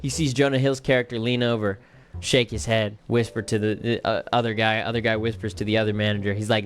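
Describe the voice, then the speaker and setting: A man's voice: lowish voice, level tone, fast, faint music behind. A man casually reviewing movies on a stream, rambling and repeating phrases with lots of fillers.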